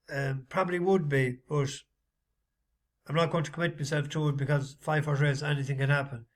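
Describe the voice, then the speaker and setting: A man talks through his racing tips in a loose, casual vlog. He rambles and stops often to fill gaps with halting ums and uhs. His voice sits a little higher than most men's. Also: fairly even intonation, creaky. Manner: rambling, halting, many fillers. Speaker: horse racing tipster.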